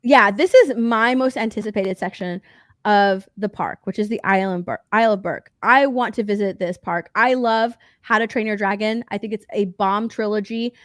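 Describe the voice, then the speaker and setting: A woman co-hosting a pop-culture news podcast, chatting casually with lots of fillers and excitement. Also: medium pitch, normal speed, no room sound, studio quality. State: hiccups. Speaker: podcast co-host. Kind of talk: casual chat.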